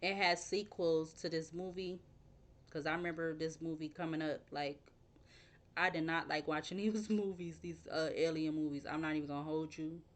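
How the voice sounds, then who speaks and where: Young woman, low voice, tarot reader who wanders off track and spells words out, casual and unscripted. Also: fairly even intonation, moderate pace. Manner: rambling, thinks aloud, spells words out.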